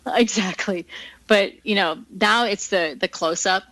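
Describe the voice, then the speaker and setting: A woman with a mid-range, slightly bright voice and a somewhat slow pace is a guest angler in a casual interview. She chats and laughs often while telling fishing stories, and the audio is poor with no room sound.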